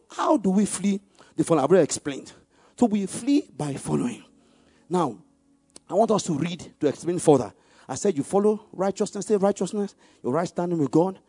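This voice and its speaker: A man preaching, leading the congregation in call-and-response and rising to loud exclamations on key words. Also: high voice, husky, no echo. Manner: animated call-and-response, leads the congregation to repeat verses. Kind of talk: sermon.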